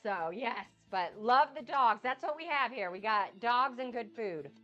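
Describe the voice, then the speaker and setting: A young woman getting over a cold, chatting excitedly with viewers on her cooking live stream. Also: fairly high pitch, unhurried, highs cut off, faint music behind. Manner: bubbly, gushing and excitable. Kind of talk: casual live-stream chat.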